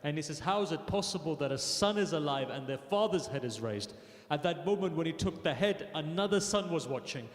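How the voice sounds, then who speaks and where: Guy giving an emotional sermon, kinda high voice, long reverb like a big hall. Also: expressive, a little fast. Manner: storytelling, voicing quoted figures with rising intensity. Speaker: speaker at a mosque gathering. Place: mosque hall.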